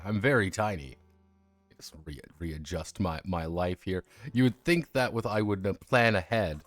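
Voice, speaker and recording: Faint music plays behind a low-voiced man who speaks at a measured pace during a livestream about tabletop role-playing games. His chat is loose and self-mocking, full of restarts.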